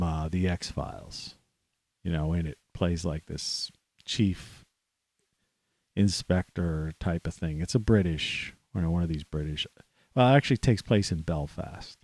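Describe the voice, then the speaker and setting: Rambling American man with a low, dry voice. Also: a little mellow, no room sound. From United States. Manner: meandering, full of "you know" and restarts. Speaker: livestream host. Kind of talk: rambling casual monologue.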